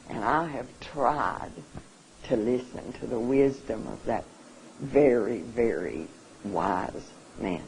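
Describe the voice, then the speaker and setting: Seminar speaker, mid pitch, very slow, openly emotional and halting delivery. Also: a little mellow, slight background noise, low-quality recording. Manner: halting and earnest, often restarting. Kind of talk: emotional public talk. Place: seminar room.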